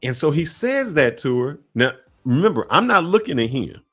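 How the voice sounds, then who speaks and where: Animated slangy man telling a story. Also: on the high side, normal speed, soft background music. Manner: animated, slangy storyteller who acts out voices and laughs often. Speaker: podcast co-host telling a travel story. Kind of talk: casual storytelling chat.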